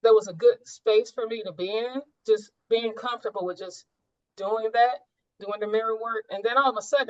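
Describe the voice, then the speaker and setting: A woman's voice: mid-range voice, dry recording. A woman recounts a spiritual experience to her coach in an earnest, searching way, often stopping to rephrase. Her voice sits in a middling register. The recording is dry and somewhat muffled. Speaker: coaching client. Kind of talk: personal reflective sharing.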